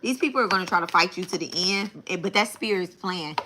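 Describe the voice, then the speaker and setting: A woman's voice: lowish voice, expressive, fairly quick, heavy background noise. A woman giving a live tarot reading in a casual, blunt way, often repeating and restarting her phrases. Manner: blunt, swears. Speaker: tarot reader.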